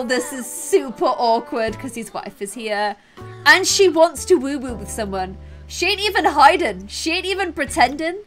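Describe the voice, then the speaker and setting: Bright, animated woman gaming. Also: high-pitched, moderate pace, faint music behind. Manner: animated, dramatic, breaks into laughter. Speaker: gaming video host. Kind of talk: playful gaming commentary.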